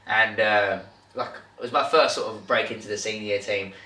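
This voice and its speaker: A young man co-hosting a podcast in relaxed chat, often asking tag questions. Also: fairly low pitch, moderate pace, recorded from a distance. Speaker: podcast co-host. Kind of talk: casual chat. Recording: echoey room, away from mic.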